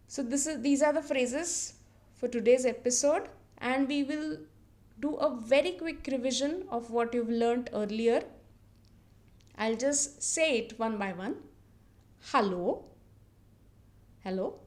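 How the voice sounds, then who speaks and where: This is a woman, teaching a lesson in a slow, deliberate way. She repeats each phrase word by word, her voice sitting a little high. She never hurries. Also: a little mellow. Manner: repeats words syllable by syllable, drawn out. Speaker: language teacher.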